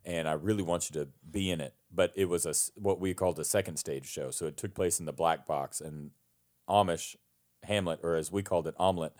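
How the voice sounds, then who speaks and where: A man's voice: sits low, a little fast, darkish tone. A man on a headset mic, telling a rambling, self-deprecating story in casual chat and laughing often.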